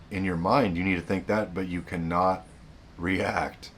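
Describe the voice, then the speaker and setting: Male host, very low voice, earnest advice monologue with self-corrections, faint noise behind. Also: fairly even intonation, unhurried. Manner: earnest, repeats himself, restarts sentences. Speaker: self-help video host.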